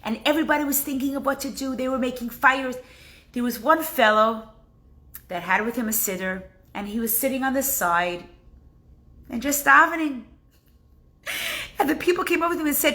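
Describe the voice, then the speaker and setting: A woman teaching a live class on trust in God, telling stories with animated character voices and words. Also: high voice, moderate pace, long pauses. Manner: animated storyteller acting out characters.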